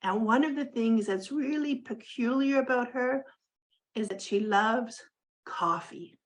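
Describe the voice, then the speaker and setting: A woman author from Canada, a mother of grown twins, speaking gently and in a measured way in a recorded video introduction. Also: a little high, low-quality recording.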